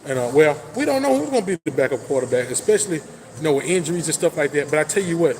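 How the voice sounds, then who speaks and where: A man hosting his own football talk show, full of boastful hype and playful trash talk. His voice sits a little high, and a faint hum of ambience runs underneath. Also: lively intonation, very fast, a little mellow. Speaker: sports talk host. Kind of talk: casual sports chat.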